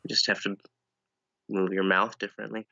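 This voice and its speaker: A man's voice: lowish voice, level tone, moderate pace, vocal fry, pushed and bright, no echo, dull audio. A man chatting casually as a comedian guest, dry and self-deprecating, rambling through his answers.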